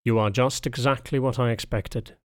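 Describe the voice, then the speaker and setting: A man's voice: mid-range voice, steady tone, dry recording, clean studio sound, close to an everyday voice. A man voicing an aloof old male spaniel lord who speaks curtly and dismissively, in an audiobook reading. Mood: cold, dismissive. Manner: curt, dismissive, unhurried.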